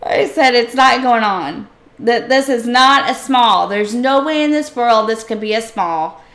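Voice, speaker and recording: A middle-aged woman streaming a game, telling a funny story in a casual, animated way and often laughing. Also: a little high, measured pace. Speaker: live streamer. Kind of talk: casual storytelling while gaming.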